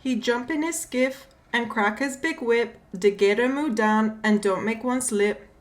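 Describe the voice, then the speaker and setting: A woman's voice: a little high, a little slow, natural voice. A woman reading a dialect Christmas poem aloud, putting on a Cajun accent with a drawling, rhyming storybook cadence. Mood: folksy. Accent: put-on Cajun.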